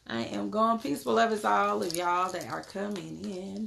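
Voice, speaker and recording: A young woman, giving an animated live tarot reading and greeting her viewers. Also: medium pitch, slow pace, creaky, pauses often, a little hiss or hum. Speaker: spiritual tarot card reader.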